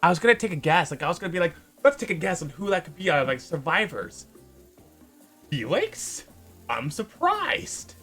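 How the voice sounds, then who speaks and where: A man's voice: a little high, expressive, fairly quick, a bit bright, faint music behind. A man playing a dating sim, reading its text aloud and reacting with playful jokes. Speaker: let's play gamer.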